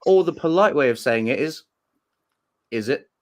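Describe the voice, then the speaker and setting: A man's voice: a little high, lively intonation, fairly quick. A man with an English accent chatting casually as a livestream host, joking and slipping into playful put-on voices. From England. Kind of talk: casual chat.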